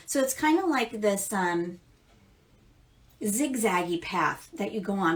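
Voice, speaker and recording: A woman's voice: mid-range voice, a little slow. A woman giving casual live tarot readings, chatty and affectionate, calling listeners darling and baby and swearing now and then. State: amped up. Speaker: tarot reader.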